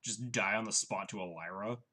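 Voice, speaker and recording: A young man commentating his own card game on a live stream, chatty and wry, thinking out loud. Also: lowish voice, a little fast.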